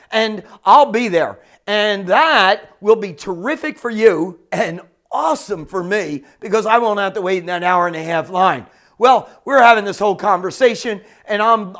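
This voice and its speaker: Middle-aged guy telling a funny story, laughing a lot, lively delivery. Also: high voice. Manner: animated, laughing through the story. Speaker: business speaker. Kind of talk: storytelling talk.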